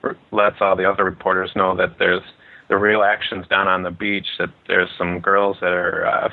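A man's voice: low voice, little pitch movement, moderate pace. A man co-hosting a podcast, summarizing in a laid-back, self-deprecating casual chat. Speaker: podcast co-host. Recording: tinny phone line.

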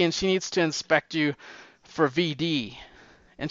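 A man casually retelling a movie plot, animated and acting out the characters' lines in raised voices. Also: fairly high pitch, normal speed, dry recording, highs cut off.

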